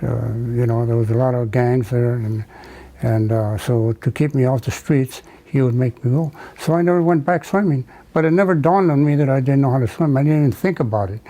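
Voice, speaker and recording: An older man from the United States, telling a wartime memory in an oral history interview, halting with many fillers and restarts. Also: mid-range voice, warm tone, low-quality recording. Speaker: veteran interviewee.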